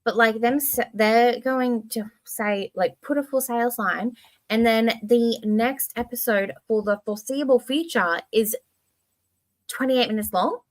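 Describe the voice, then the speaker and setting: Speaking unhurriedly at a fairly high pitch, this livestream host drifts from one idea to the next with plenty of expression. She drops the odd casual swear and sometimes reads her chat out loud.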